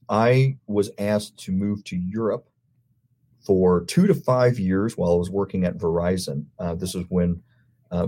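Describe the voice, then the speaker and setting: A man's voice: low voice, warm tone, slightly rough. A middle-aged man chatting casually as a podcast guest, rambling through stories and laughing easily. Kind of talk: casual chat.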